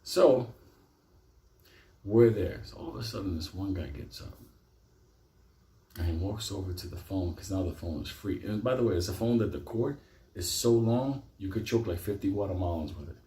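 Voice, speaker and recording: A man telling a story in a profane, animated, conversational way. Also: deep voice, normal speed, long pauses, reverberant. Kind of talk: comic storytelling.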